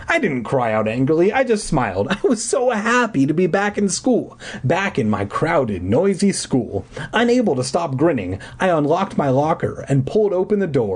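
Husky male reader, animated and mock-dramatic, with jokey asides. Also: medium pitch. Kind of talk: comedic reading of a children's book.

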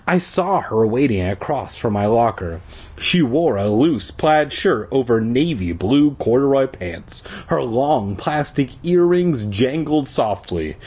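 A husky-voiced man reads a kids' story aloud with a lively, swinging delivery. He breaks in with irreverent, crude jokes between passages. The tone stays casual and mocking. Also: medium pitch. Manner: irreverent, joking. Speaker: reader. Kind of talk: comedic storybook reading with crude asides.

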